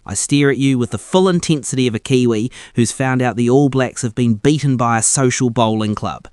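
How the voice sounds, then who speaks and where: A man's voice: medium pitch, fairly quick, a little mellow, no room sound. A man tells a scripted comic story in a wry, self-deprecating way. His voice is recorded close and dry, with no room around it. He sounds like a studio voice-over. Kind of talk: scripted comedic monologue narration.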